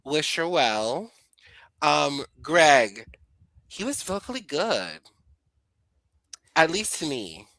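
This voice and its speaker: A male co-host chatting casually on a live stream, animated and opinionated, dropping in Spanish phrases now and then. His voice is bright and forceful. The sound is dry and close, with no room around it. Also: fairly high pitch, drawn-out words, long pauses, no echo, poor audio. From Dominican Republic.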